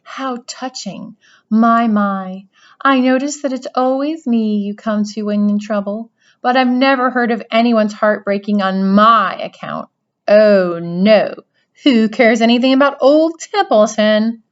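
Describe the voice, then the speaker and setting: A woman's voice: a little high, a little slow, dull audio, pitched above the performer's own voice, natural voice. A woman reading a storybook aloud, voicing a sarcastic, self-pitying male rat who mocks and complains. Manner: mocking, whiny, complaining.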